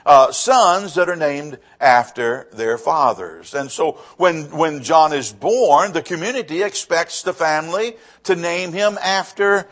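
A male pastor preaching a sermon, emphatic, often repeating his words and swinging between raised and hushed phrases. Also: on the high side.

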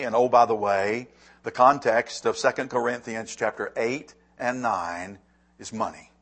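A man preaching a sermon, reading scripture slowly and with emphasis, with quick spoken asides to the congregation. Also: mid-range voice, a bit bright. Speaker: pastor.

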